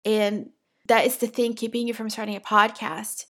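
A woman's voice: a little high, little pitch movement, moderate pace, fairly bright tone. A woman with an accent hosting a podcast, talking in an encouraging, empathetic and emphatic way in a motivational monologue. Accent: non-native English accent. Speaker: podcast host.

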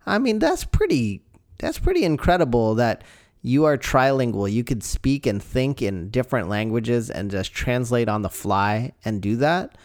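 Guy chatting on a podcast, smooth clear voice, dry close sound, gets animated and laughs a lot. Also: mid-range voice, normal speed, no echo. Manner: animated, laughs often, jumps into a put-on Australian voice. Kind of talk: casual chat.

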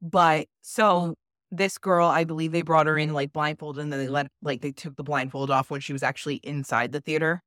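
A woman with a low voice tells a ghost story in an animated, casual way and swears freely. The sound is dry and close. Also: a little fast, no echo. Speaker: podcast co-host. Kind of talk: casual chat.

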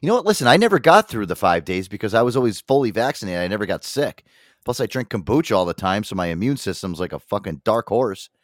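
Man, podcast host, lowish voice, quick lively talk, joking, profane. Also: dry recording, studio quality. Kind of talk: casual chat.

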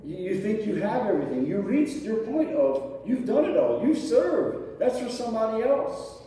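A middle-aged male pastor preaches in a casual, conversational way, tossing questions out to his congregation. His voice is dark and mellow. It is picked up from a distance in a church hall with long, booming reverb. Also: sing-song, moderate pace, slight background noise. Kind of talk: sermon. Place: church sanctuary. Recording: echoey hall from far off.

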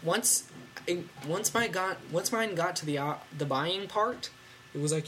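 A fifteen-year-old boy hosting a casual tech podcast from home, rambling and excitable with lots of fillers. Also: a little high, moderate pace, slight background noise. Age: teens. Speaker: podcast host.

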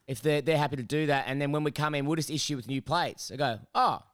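A man's voice: a little high, quick pace, no room sound, clean studio sound. Sweary Australian man telling a story. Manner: sweary, animated storyteller who acts out both sides of exchanges. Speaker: podcast co-host. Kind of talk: casual storytelling chat.

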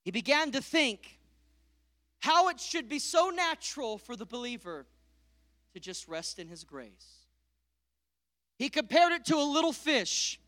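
A middle-aged man preaching a sermon, swinging from loud peaks to hushed lines and calling out to the congregation. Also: very high-pitched, no echo, studio quality. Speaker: pastor.

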